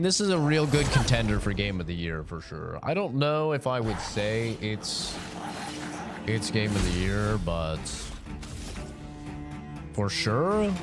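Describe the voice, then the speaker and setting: A young man streaming a game from his home setup, chatting casually and rambling to his chat between fights. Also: on the low side. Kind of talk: casual live-stream commentary.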